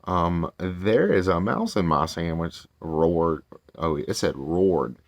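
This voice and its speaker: A deep-voiced man reads a children's storybook aloud in a casual way, breaking off into rambling, chatty asides. His voice swings widely in pitch, and he often corrects himself as he goes. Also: expressive, takes it slowly, dry recording.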